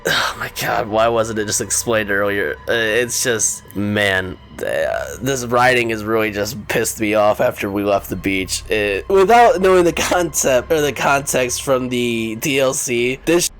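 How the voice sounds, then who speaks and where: A man's voice: on the low side, expressive, measured pace, few pauses, a bit bright, a little hiss or hum. Guy recapping a game story, offhand and sarcastic, kinda over it. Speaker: video game recap host. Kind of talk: casual game recap commentary.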